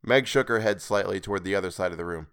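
A man narrating a weird tale in a measured, expressive reading. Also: sits low, smooth. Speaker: podcast reader. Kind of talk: scripted story narration.

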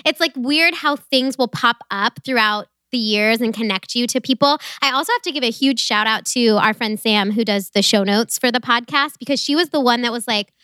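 A woman co-host with a bright, fairly high voice chats with enthusiasm. Her voice is sharp and forward, and the recording is dry. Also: normal speed, hardly any pauses, clear, resonant tone, no room sound. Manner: enthusiastic, chatty. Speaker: podcast co-host. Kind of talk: casual podcast conversation.

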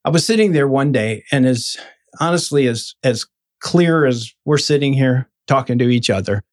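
A man in an interview telling his own story in a casual, animated way, acting out the voices of people he quotes. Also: normal speed. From Michigan. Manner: animated, acts out quoted voices with sudden high bursts.

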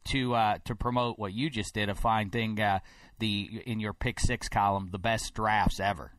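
A man from Pittsburgh hosting a sports talk show in a studio, rambling and getting more animated and emphatic as he goes. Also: on the low side, moderate pace, dry recording. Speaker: sports radio host. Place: broadcast studio.

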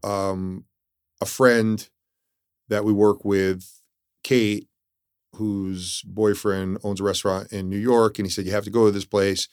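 Relaxed man, low voice, dry close sound. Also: unhurried, smooth, no echo. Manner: relaxed, rambling with restarts. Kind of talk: casual travel chat.

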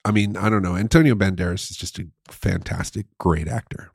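A man's voice: deep voice, steady tone, fairly quick, vocal fry, breathy edge, no room sound, clean studio sound. A man co-hosting a casual chat, joking and sliding into comic bits that he repeats. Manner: jokey, goes into comic bits and repeats them. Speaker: podcast co-host.

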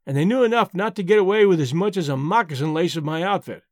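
A man narrating a story for an audiobook in a measured, deliberate way. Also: high-pitched, animated, dry recording, studio quality.

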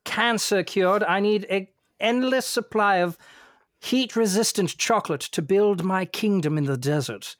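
A man's voice: high voice, a little slow, fairly bright tone, no room sound, clean studio sound. A man doing a pompous prince with a posh British accent. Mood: haughty. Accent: put-on posh British. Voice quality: theatrical, haughty, breaks into laughter. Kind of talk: improv comedy role-play.

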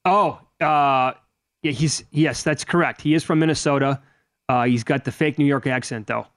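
A man's voice: mid-range voice, normal speed, fairly bright tone, no echo, studio quality. A man from Wisconsin hosting a sports talk radio show and asking a guest questions in a conversational way. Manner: conversational, with filler and restarts.

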